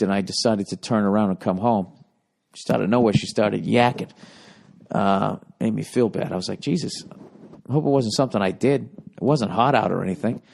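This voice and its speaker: A man's voice: lowish voice, vocal fry, darkish tone. A man hosting his podcast, rambling through a profane, self-mocking monologue in casual chat. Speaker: podcast host.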